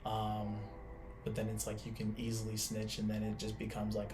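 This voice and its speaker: A man's voice: lowish voice, monotone, normal speed, music in the background. A young man in casual faith discussion, talking loosely with lots of "like" and trailing thoughts. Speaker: co-host.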